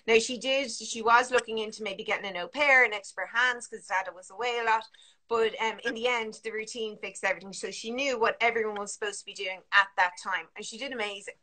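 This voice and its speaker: Bright-voiced woman, chatty sleep consultant. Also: on the high side, a little fast. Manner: chatty, many restarts and fillers, acts out parents and children. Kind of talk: casual chat on a live video call. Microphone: video call.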